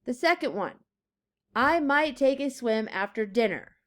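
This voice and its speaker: Woman teacher going thru a grammar worksheet, slow and careful, kinda high voice. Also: expressive. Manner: slow, deliberate, stresses key words. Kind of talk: classroom grammar lesson.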